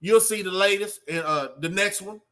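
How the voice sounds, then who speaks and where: A man's voice: high voice, moderate pace, sharp tone. A middle-aged man giving an off-the-cuff motivational talk in a streetwise preaching way, rambling with fillers. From Texas. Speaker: channel host.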